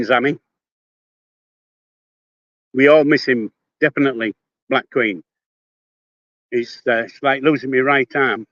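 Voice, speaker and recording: A man's voice: medium pitch, a bit bright, no echo. Older Yorkshire man, blunt casual talk, swears freely, dry close phone sound, slightly muffled. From Yorkshire, England. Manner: blunt, swears casually, speaks before thinking. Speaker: livestreamer. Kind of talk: casual live-stream chat. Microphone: phone held in hand.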